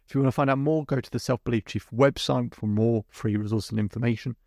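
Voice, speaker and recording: A middle-aged man hosts his podcast, walking through a client session step by step in a storytelling monologue. His voice has a gravelly edge, and he is recorded close and dry, with no room sound. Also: medium pitch, steady tone, quick pace, darkish tone, no room sound. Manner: recounts a client session step by step, then explains. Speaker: podcast host and hypnotherapist.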